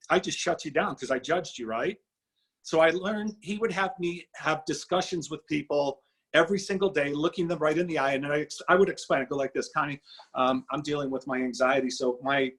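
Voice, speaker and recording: A middle-aged man telling his story in an interview, animated and acting out quoted dialogue. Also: fairly high pitch, husky, low-quality recording. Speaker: guest speaker.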